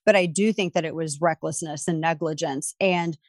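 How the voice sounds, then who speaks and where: A woman's voice: deep voice, fairly even intonation, normal speed, dry recording. A middle-aged woman, a radio host appearing as a guest, telling anecdotes and making her points emphatically. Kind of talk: animated storytelling in conversation.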